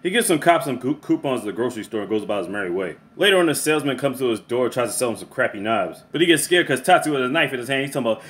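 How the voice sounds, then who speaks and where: A man's voice: mid-range voice, expressive, fairly bright tone. A man giving a casual, chatty review with plenty of swearing. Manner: fast, profane and chatty.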